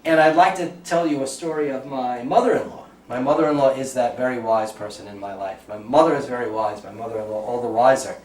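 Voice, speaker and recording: A man's voice: medium pitch, fast, few pauses, darkish tone. A middle-aged man with a Bronx accent giving a chatty, joking talk to a live audience. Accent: New York (Bronx). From the Bronx, New York. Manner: chatty, jokey storyteller with audience asides. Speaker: lecturer. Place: lecture room. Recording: roomy sound, from far off, faint background noise.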